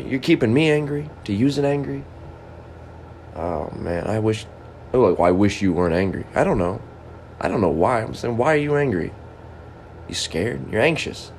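A man with a low voice that swings widely up and down, thinking aloud in an improvised comic ramble. He talks in stop-start bursts and drifts from scolding to musing, like an amateur comedian working things out on the spot. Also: a little mellow, a little hiss or hum.

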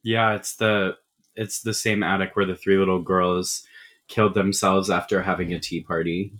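A man's voice: deep voice, little pitch movement, normal speed, fairly bright tone. A young man co-hosting a podcast, chatting bluntly about a movie and swearing freely. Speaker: podcast co-host. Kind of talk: casual movie chat.

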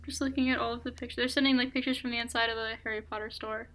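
A young woman co-hosting a podcast in casual chat, rambling with lots of "like" and animated complaining. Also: a little high, rapid-fire. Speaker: podcast co-host. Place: home, painting her nails.

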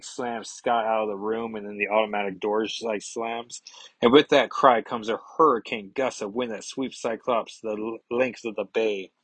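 A man's voice: lowish voice, fairly bright tone, slightly rough, dry recording, poor audio. A man hosting a casual podcast, recapping a comic book in a rambling way, with many fillers and self-corrections, on a close microphone. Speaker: podcast host.

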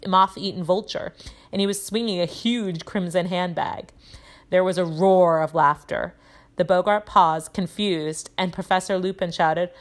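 A woman teacher reading a children's novel aloud, telling it in a lively way with voices for the characters. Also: lowish voice.

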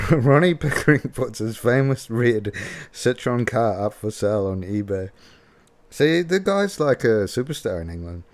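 A man's voice: mid-range voice, expressive, measured pace. A man casually commenting on a video clip, laughing often and rambling with fillers. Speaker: reaction video host.

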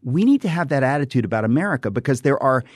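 A middle-aged man talks in a studio with fervent, emphatic conviction, circling back and repeating phrases as he builds his point. His voice sits at an ordinary pitch for a man. The room sound is dry and close. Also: big pitch swings, racing, no room sound. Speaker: guest author and radio host. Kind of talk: impassioned studio conversation. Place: radio studio.

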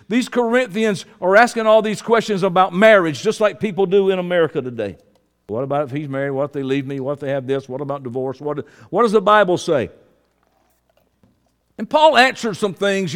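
A pastor with a high-pitched, fairly bright voice preaches to his congregation in a reverberant church hall. His Southern Georgia accent and folksy style come through as he calls out to the room.

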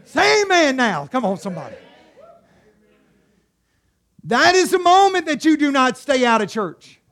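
Man preaching, very high voice, rhetorical questions, soft lows to loud exhortation. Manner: rhetorical questions and direct calls to the congregation; swings between soft, low passages and loud, rising exhortation. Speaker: pastor. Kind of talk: sermon.

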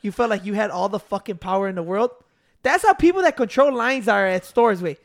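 A man's voice: sits high, animated, fairly quick. A man ranting and telling stories in casual chat, swearing a lot and acting out what people said. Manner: profane, ranting, storytelling with acted-out quotes.

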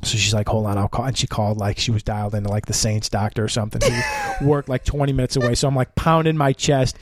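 A man's voice: medium pitch, fast, noisy background. A man telling a long story in casual chat, swearing often and acting out what people said. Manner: profane, animated storyteller acting out quotes. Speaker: guest.

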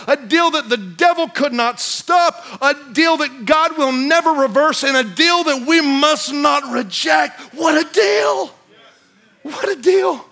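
A man preaching a sermon, shouting repeated refrains, then dropping to a low hush to read scripture in old biblical wording.

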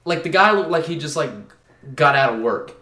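A young man telling a story in a casual chat, animated and full of "like" fillers. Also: a little high, moderate pace. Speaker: podcast co-host. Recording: echoey room.

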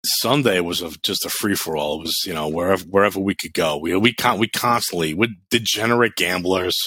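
A man's voice: sits low, a little fast, husky, no echo. A middle-aged man chatting on a podcast, telling blunt, profane stories with lots of energy. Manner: animated storyteller, blunt and profane. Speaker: podcast co-host. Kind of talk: casual podcast chat.

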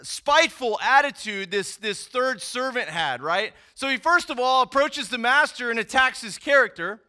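A man's voice: very high voice, pushed and bright. A man preaching a sermon in a conversational, emphatic teaching style, often checking in with tag questions. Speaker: pastor.

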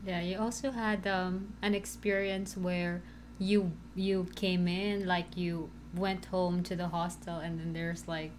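A woman co-hosting a casual chat, speaking haltingly with fillers. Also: on the low side, flat delivery, a little hiss or hum. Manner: halting, slow, with fillers and laughs.

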